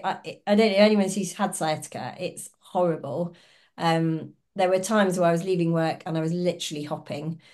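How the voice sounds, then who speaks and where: Woman, kinda low voice, chatty, acts out the bits she's quoting. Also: darkish tone. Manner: chatty storytelling, acts out quoted dialogue with laughs. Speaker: guest, ultrarunner and oncologist. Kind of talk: casual podcast interview.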